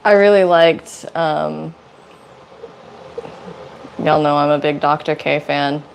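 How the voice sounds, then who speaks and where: A woman co-hosting a casual livestream, chatty and quick to laugh. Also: sits low, creaky, a little hiss or hum. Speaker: livestream co-host. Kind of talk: casual chat.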